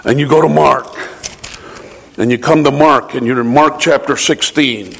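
Slow gravelly preacher in a hall. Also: male voice, mid-range voice. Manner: emphatic, rises to shouts on key points; rhetorical asides and scripture quoting. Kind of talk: sermon. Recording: long hall reverb.

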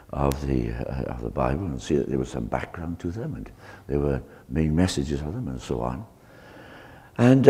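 A man preaching a sermon, telling a personal testimony in an unhurried, anecdotal way. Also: very deep voice, gravelly, mellow. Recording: long reverb of a hall.

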